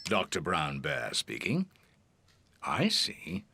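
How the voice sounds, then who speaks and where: An actor voicing a kindly, reassuring bear doctor in a children's cartoon. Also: male voice, low voice, huge pitch swings, slow pace, very noisy, full character voice. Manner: gentle, reassuring, gravelly.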